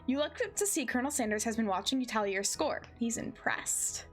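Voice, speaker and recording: A young woman streaming a game, reading the narration and joking between lines in a giggly, excitable way. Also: on the high side, fairly quick, hardly any pauses, faint music behind. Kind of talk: game playthrough with narration and commentary.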